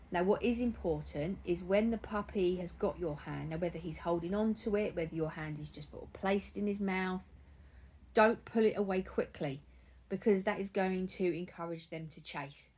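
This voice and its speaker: A woman giving calm, chatty dog-training advice in a vlog, often repeating herself for emphasis. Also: lowish voice. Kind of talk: casual instructional vlog.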